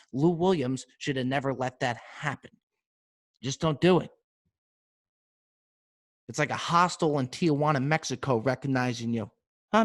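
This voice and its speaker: A man hosting a podcast, riffing through an animated comedic monologue with frequent asides to his listeners. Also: medium pitch. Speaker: podcast host.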